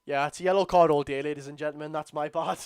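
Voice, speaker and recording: A tired Geordie man hosting a live football watchalong, bursting out at the referee and grumbling low between plays. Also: quick pace, clean tone, no room sound, clean studio sound. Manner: excitable outbursts at the referee, then low grumbling asides. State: tired, yawning. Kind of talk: live football watchalong commentary, reading chat.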